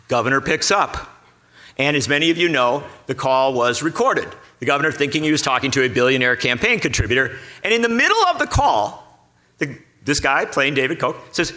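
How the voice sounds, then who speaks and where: Guy on a conference panel, sarcastic storyteller, kinda high voice that swoops around a lot. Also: lively intonation, fairly quick, sharp tone. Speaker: panelist reporter.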